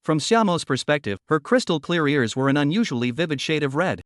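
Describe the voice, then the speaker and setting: A man reading a scripted story recap in an even, steady way. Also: a little high, a little fast, no room sound, clean studio sound. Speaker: narrator.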